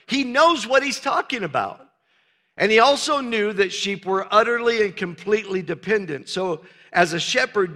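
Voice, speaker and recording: Male pastor, high bright voice, slow emphatic sermon delivery, church hall reverb. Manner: emphatic preaching with repeated phrases and fillers.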